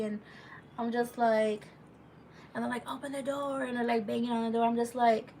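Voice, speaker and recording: Woman, live-stream storytime, rambling, gravelly, a bit far from the phone mic, faint background noise. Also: a little high, a little mellow. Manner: rambling, chatty, full of "like" and asides to viewers; reads viewer comments aloud mid-story.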